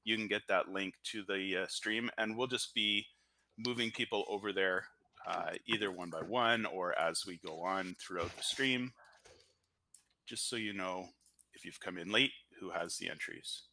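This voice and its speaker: Hosting a live-streamed lottery draw through an audio-only stream mic, a Canadian-accented man keeps up upbeat, chatty, joking commentary and thinks aloud with fillers. His voice sits low, bright and forceful, at normal speed.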